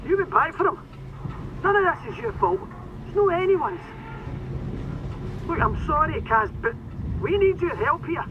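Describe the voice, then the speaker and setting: An actor playing a rig worker talking over the radio, urgent and consoling, swearing bluntly. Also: male voice, very high-pitched, big pitch swings, moderate pace, long pauses, lo-fi sound, noisy background. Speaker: game character. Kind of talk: video game voice acting.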